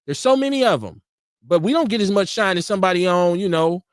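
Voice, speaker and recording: A man's voice: high-pitched, animated, fast talker, dry recording, studio quality. A man hosting a call-in radio stream, talking bluntly and arguing with callers and guests. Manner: blunt, argumentative, profane. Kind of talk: casual talk radio.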